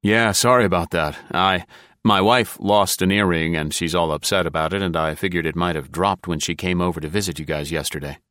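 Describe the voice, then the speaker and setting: A man's voice: sits low, fairly even intonation, fairly quick, a bit bright, no echo, clean studio sound. A man playing a flustered, talkative neighbor. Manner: hasty, nervous, overly chatty. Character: flustered suburban man caught prowling.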